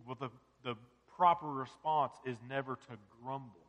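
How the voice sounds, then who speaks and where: Bright-voiced preaching man, echoing hall. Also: mid-range voice, steady tone, normal speed. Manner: earnest preaching with rhetorical questions. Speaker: pastor. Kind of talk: sermon.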